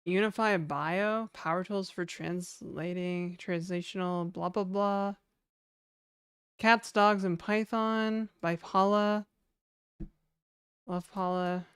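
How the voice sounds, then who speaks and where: A woman's voice: on the low side, fairly even intonation, slow, clear, resonant tone, no room sound, studio quality. A woman from New Brunswick, chatting casually and rambling on a livestream, joking and laughing often. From New Brunswick, Canada.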